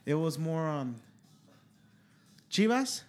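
A man's voice: fairly high pitch, big pitch swings, slow pace. Swearing young man telling stories. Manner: loose, profane storytelling, swears constantly. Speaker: podcast host. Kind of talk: casual chat.

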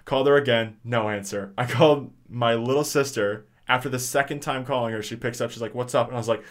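A man's voice: medium pitch, fast, few pauses. A young man casually telling a rambling story on a podcast, swearing often and full of fillers and restarts. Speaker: podcast co-host.

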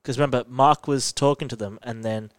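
A man co-hosting a podcast, talking through a story in casual chat and breaking into laughs often. His voice sits in a middle pitch. It is recorded dry, with no room sound. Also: steady tone, brisk, clean tone, no echo. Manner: explains plot eagerly, laughs often. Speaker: podcast co-host.

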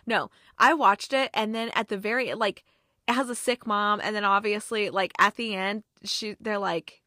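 A woman with a bright, crisp voice chats casually about holiday movies. She gushes and gets emotional, scattering fillers as she goes, and her voice sounds dry and close, with no room around it. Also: a little high, moderate pace, no room sound. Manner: gushing and emotional, with many fillers. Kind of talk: casual chat.

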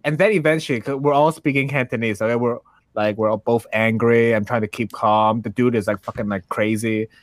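A man telling a story in casual chat, animated and laughing, with many restarts and fillers. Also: medium pitch, fairly quick, dry recording.

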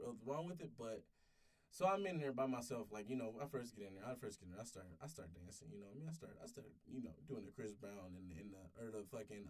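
A man's voice: on the low side, darkish tone, recorded from a distance. Brief: young man in his 20s, rambling profane storyteller, voice set back from the mic. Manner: rambling, profane, with many restarts. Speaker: podcast storyteller. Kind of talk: casual storytelling chat.

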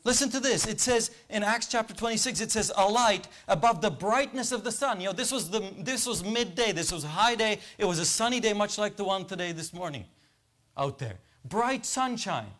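Male preacher, high-pitched, interactive call-and-answer delivery to a congregation. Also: animated, moderate pace, fairly bright tone. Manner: questions the congregation and waits for answers. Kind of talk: interactive sermon. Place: church.

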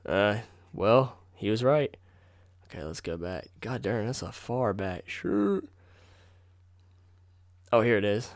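A young man hosting a casual storytelling podcast at home, talking in an excitable, rambling way and swearing freely into a microphone on a box. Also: fairly low pitch, slow pace, pauses often, dry recording, studio quality. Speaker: podcast host. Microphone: desk microphone on a box.

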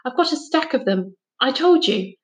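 A woman's voice: high voice, lively intonation, normal speed, reverberant, voice pushed up. A woman doing an urgent, eager young boy. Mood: insistent. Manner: urgent and pleading.

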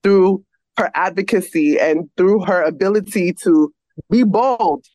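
A woman's voice: lowish voice, unhurried, a little mellow, no room sound, rough recording. A young woman speaking earnestly on a video call, rambling heartfelt praise for her mother. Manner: earnest, rambling, lots of "you know". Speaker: guest's daughter.

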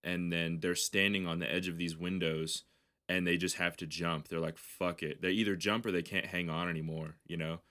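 A man's voice: low-pitched, little pitch movement, brisk, pushed and bright. A man hosting a podcast, telling long rambling stories in casual, heavily profane chat. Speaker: podcast host.

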